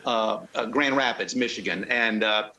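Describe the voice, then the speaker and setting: A man's voice: fairly low pitch, pushed and bright, rough recording. A man talking as a car club guest on a video call. He rambles and halts, restarting his sentences often. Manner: rambling, halting, with many restarts. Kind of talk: casual chat.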